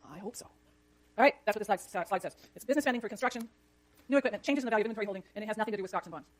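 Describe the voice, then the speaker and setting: A woman lecturing an economics class, brisk and jokey, scolding the chatter when it gets too loud. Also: mid-range voice.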